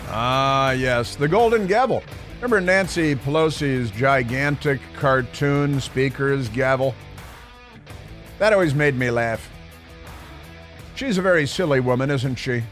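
A man's voice: medium pitch, a little slow, fairly bright tone, faint music behind. A man hosting a talk radio show, delivering a sarcastic, mocking opinion monologue into a studio microphone.

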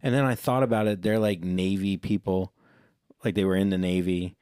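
Low-voiced man rambling through a story. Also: fairly even intonation, normal speed, darkish tone, smooth, no echo, clean studio sound. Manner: rambling storyteller, acts out quotes in high voices. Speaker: podcast co-host. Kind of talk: casual chat.

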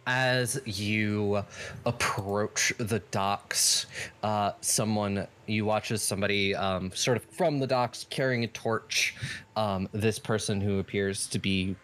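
A man's voice: on the low side, fairly bright tone. A man narrating a tabletop game as game master, hesitant, with many fillers and restarts.

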